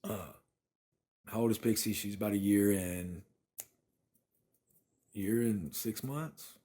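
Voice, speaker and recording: A man's voice: lowish voice, fairly even intonation, slow pace, dark tone. A man, chatting casually on a phone livestream from his apartment and thanking viewers by name. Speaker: livestream host.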